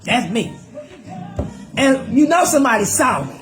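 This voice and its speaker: A woman's voice: fairly high pitch, big pitch swings, measured pace, fairly bright tone, soft background music. A middle-aged woman telling her own life story in casual speech, acting out the voices of people in it and calling the listener "baby". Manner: Southern Black American vernacular, calls listener "baby".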